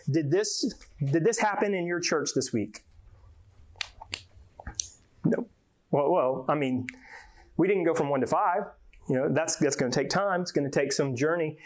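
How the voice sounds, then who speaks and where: A man's voice: a little high, a little mellow. A man from Georgia, giving a folksy, joking conference talk and often repeating words. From Georgia, USA. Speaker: conference speaker.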